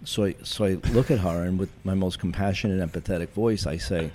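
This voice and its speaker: A retired police chief spins deadpan anecdotes full of cop jargon in an interview. His voice sits very low, with a soft, mellow tone. A faint hum of background noise runs beneath him. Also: brisk. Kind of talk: storytelling in a podcast interview.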